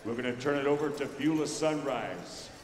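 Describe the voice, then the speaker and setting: A man's voice: medium pitch, slight background noise. Man directing drum groups over an echoey arena PA. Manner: brisk instructions to drum groups and judges. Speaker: pow wow announcer. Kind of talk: arena announcing. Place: large indoor arena.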